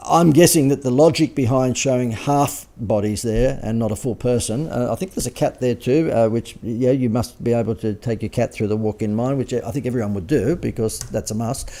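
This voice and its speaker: A man's voice: medium pitch, a little fast, few pauses, dark tone. A man, a business coach talking through slides with dry, sarcastic asides and chuckles. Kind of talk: presentation over slides.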